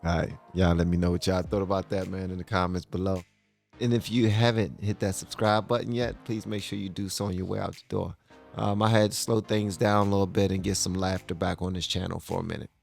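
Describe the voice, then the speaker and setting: A man hosting a reaction video, chatting casually and relaxed with lots of fillers. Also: low-pitched, fairly quick, creaky, soft background music. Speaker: reaction channel host.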